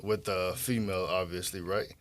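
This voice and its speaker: A man from Georgia with a Southern accent, a podcast guest telling stories about his life in a relaxed, rambling way full of fillers and restarts. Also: low voice, moderate pace. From Georgia, USA. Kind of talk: casual storytelling.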